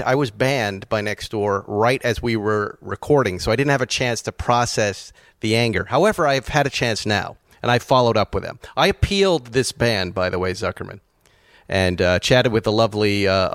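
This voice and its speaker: A man's voice: mid-range voice, a bit bright, no echo, studio quality. A man hosting a car talk show, telling long rambling stories with frequent chuckles. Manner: rambling storyteller, chuckles often. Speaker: podcast host. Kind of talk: casual chat.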